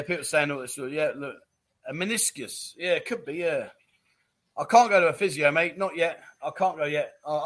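A man's voice: on the high side, a bit bright. A middle-aged man hosts a casual livestream chat show, reading out viewer comments and chatting in a jokey way. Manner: chatty and jokey, with frequent "mate" and "um".

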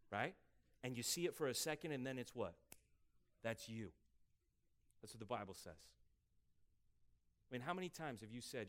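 A man preaching a sermon as pastor, emphatic and rising for scripture, dropping quiet for asides. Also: mid-range voice, expressive, normal speed, long pauses. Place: church sanctuary.

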